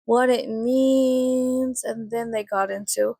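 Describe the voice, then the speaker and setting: A woman chats through a personal story while doing her makeup, rambling and swearing as she goes. Her voice sits a little high with a gravelly fry. The sound is dry and close. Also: fairly even intonation, takes it slowly, mellow, no echo. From Mexican family. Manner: chatty, swears often, filler-heavy, rambling. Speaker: vlogger.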